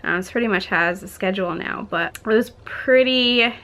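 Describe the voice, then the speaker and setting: A woman's voice: medium pitch, moderate pace, a bit bright. A young woman vlogging to camera, telling a story in a chatty, rambling way with lots of "like" and restarts, laughing often between words and a little out of breath.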